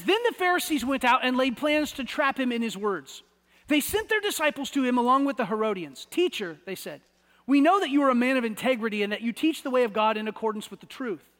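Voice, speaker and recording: A man's voice: very high voice, lively intonation, fairly quick, fairly bright tone, long reverb tail. A man from the United States preaching a sermon, conversational and often repeating words as he searches for the phrasing. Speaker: pastor.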